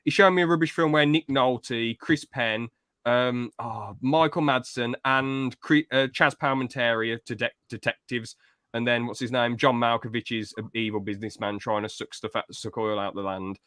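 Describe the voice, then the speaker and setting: Podcast co-host, male, mid-pitched, rambling opinionated chatter, very dry close sound. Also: steady tone, normal speed, a bit bright, clear, resonant tone, dry recording. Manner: rambling and opinionated, swears casually. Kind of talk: casual podcast chat.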